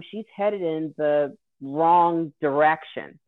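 A woman's voice: low-pitched, normal speed. Woman telling a story over tinny audio. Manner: earnest, vivid retelling. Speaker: guest host sharing her caregiving story. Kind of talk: personal storytelling.

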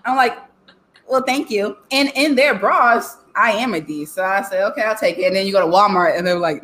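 A woman's voice: medium pitch, a little fast, fairly bright tone, rough recording. A woman hosting a casual live-stream interview, playful and joking as she asks questions. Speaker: host.

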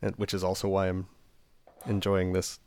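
A man co-hosting a casual chat, telling an animated story and acting out other people's lines with laughs. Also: deep voice, moderate pace. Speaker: podcast co-host.

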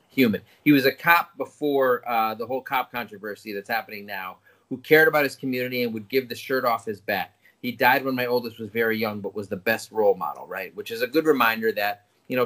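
Male podcast co-host, middle-aged, deadpan sarcastic delivery, mid-pitched voice. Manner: dry, deadpan sarcastic humor. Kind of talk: casual podcast chat.

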